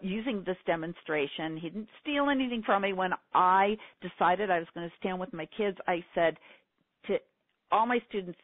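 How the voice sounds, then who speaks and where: Middle-aged woman guest telling a heartfelt story, earnest and emotional, slightly low-pitched voice over a tinny, dry phone line. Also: dry recording. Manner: earnest, emotional, with quick laughs. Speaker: interview guest, seminar teacher. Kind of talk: personal storytelling in a phone interview.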